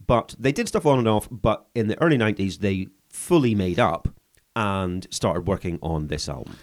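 Man, from england, low voice, lively intonation, podcast co-host. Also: normal speed. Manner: explanatory, dry-witted. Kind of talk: casual podcast chat.

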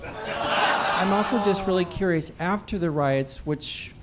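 A man with a high voice asks questions from the audience. He sounds curious and laughs lightly between phrases. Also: slow, very noisy. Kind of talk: asking questions at a talk.

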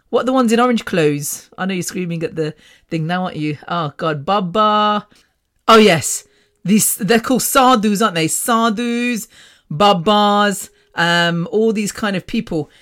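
A woman's voice: on the low side, animated, normal speed. A woman from England, hosting a podcast and telling personal stories in a frank, chatty way, often laughing. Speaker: podcast host. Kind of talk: casual storytelling monologue. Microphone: podcast microphone.

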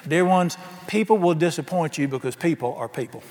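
A man's voice: on the high side, animated, fairly quick, darkish tone, slight background noise. A man preaching a sermon emphatically, asking his congregation questions. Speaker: pastor. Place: church sanctuary. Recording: long hall reverb.

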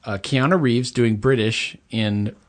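A man's voice: medium pitch, unhurried. A man co-hosting a casual movie podcast, opinionated and talkative. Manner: opinionated, animated. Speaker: podcast co-host.

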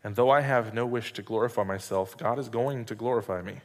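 A man reading the lines of Jesus as a calm, earnest male teacher in a measured way. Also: lowish voice, lightly acted. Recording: long reverb hall.

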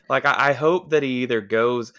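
A man's voice: medium pitch, normal speed, sharp tone, no room sound. A man co-hosting a casual comedy podcast, goofy and riffing on bits. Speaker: podcast co-host.

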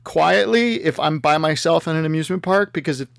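A man giving a comedic, rambling monologue as a vlogger, talking in a dry, halting way with many fillers and restarts. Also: on the high side, vocal fry, no echo. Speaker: vlogger answering a magazine quiz.

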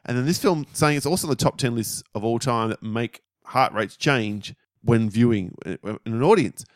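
A man's voice: a little high, very animated, normal speed, dry recording, clean studio sound. A man co-hosting a film review podcast in casual chat, blunt and emphatic, swearing freely.

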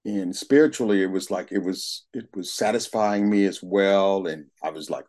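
Plain-spoken man with a low voice. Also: moderate pace, few pauses, a little mellow. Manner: candid and plain-spoken, with casual swearing. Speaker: speaker sharing his recovery story. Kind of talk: personal testimony at a recovery meeting.

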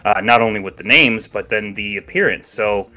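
A man's voice: lowish voice, normal speed, pushed and bright. A man co-hosting a casual chat show about video games, chatty and hedging, laughing easily. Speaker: podcast co-host.

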